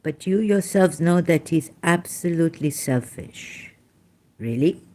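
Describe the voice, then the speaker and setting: A woman talks through scripture in a casual solo commentary, her voice low and unhurried. She is openly emotional and rambling, often stopping mid-thought to correct herself. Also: lively intonation, dark tone. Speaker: religion commentator.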